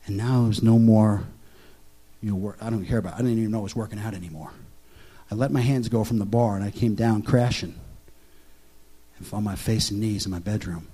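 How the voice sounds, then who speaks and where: A man preaching a sermon, telling his own testimony and asking the congregation questions, swinging from loud excited storytelling to a hushed, soft confession. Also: on the low side, a little fast, slightly rough. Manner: asks the audience questions.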